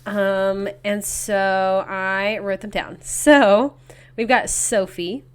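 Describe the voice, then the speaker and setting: A woman's voice: medium pitch, steady tone, extremely slow, clean tone. Chatty woman co-hosting a book podcast. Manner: chatty, acts out characters' lines in quotes. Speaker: podcast co-host. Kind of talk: casual book chat.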